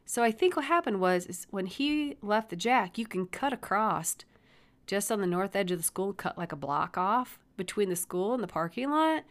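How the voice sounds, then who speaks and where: A woman's voice: mid-range voice, expressive, normal speed. A middle-aged woman hosting a podcast, casually retelling a story about her kid in a blunt, rambling way, swearing freely. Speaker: podcast host and mother.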